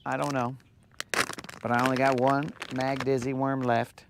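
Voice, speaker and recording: A man's voice: medium pitch, flat delivery, moderate pace, background noise. A man chatting casually and joking with slang while fishing from a boat on a lake. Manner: laid-back, slangy, joking. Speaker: fishing vlogger.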